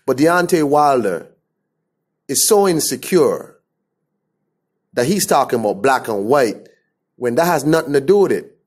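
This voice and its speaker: A man's voice: medium pitch, animated, a little slow, pauses often, breathy edge. A man from the Caribbean giving a blunt, scornful opinion rant to camera. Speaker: commentator.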